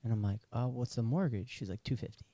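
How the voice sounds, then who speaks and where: A young man tells his story as a guest on a podcast, with a mellow, warm voice and a mid-range pitch. He acts out the lines of the people in his story. The recording is dry and close. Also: quick pace, dry recording. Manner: animated storyteller acting out quoted dialogue. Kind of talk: casual storytelling interview.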